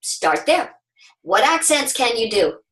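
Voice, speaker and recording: A woman voice actress from Southern California, upbeat, explaining her craft and jumping into quick voice demos in a casual webinar. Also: sits high, animated, fairly bright tone. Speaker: voice actress and guest. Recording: roomy webinar audio.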